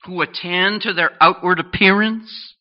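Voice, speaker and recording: A man preaching a sermon in an earnest, questioning way, pausing between phrases. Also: sits high, fairly even intonation. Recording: dull lo-fi sound.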